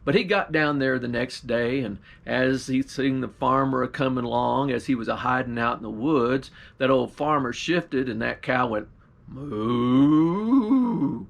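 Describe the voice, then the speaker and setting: A pastor telling a folktale in a drawling, folksy storyteller's manner, with country grammar and little voices for the characters. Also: male voice, mid-range voice, steady tone, normal speed, creaky, hardly any pauses, a bit bright.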